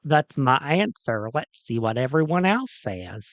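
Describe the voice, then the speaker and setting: A man's voice: medium pitch, big pitch swings, a little slow, dry recording. A man hosting a casual livestream about doll restoration, talking in a rambling, hesitant way with many ums and uhs. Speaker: toy restoration livestream host. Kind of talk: casual livestream chat reacting to a video.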